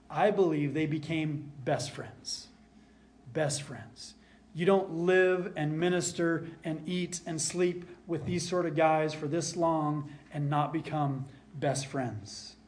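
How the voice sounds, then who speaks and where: A man preaching a sermon as pastor, earnest, repeating key lines for emphasis and dropping to a soft hush at times. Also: a little high, takes it slowly.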